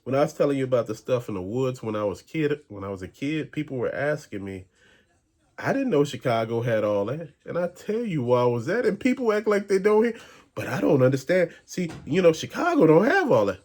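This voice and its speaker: A man's voice: medium pitch, big pitch swings, a little fast, a little mellow. A man hosting a rambling conspiracy-theory rant, talking in an emphatic, slangy way. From American South. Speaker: channel host.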